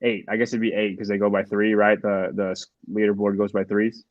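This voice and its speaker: Male host: low voice, dry and muffled sound, chatty analyst. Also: flat delivery, a little fast, dry recording. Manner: talkative, analytical. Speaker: podcast host. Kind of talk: casual sports analysis.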